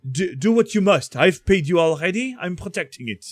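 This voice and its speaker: Man doing a haughty french-accented schemer, lively, higher voice, dry sound. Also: brisk, no echo.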